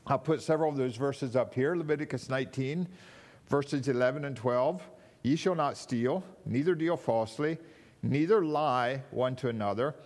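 A man preaching a sermon in a measured, teaching tone, slowing down to stress key words. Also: mid-range voice, darkish tone.

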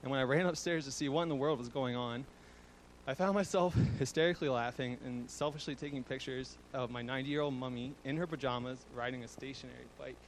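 A man's voice: mid-range voice, quick pace, a little hiss or hum, rough recording. A young man giving a fond eulogy for his grandmother, chuckling often and using fillers. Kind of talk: eulogy speech.

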